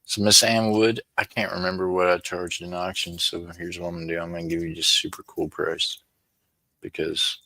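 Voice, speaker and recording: A man hosting a casual live stream, rambling through slangy, joking banter and calling out his chatters by name. His voice sits fairly low and comes across forceful and sharp, close and dry with no room around it. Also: little pitch movement, normal speed, creaky, no room sound. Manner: laughs often, slangy banter. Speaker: livestream host.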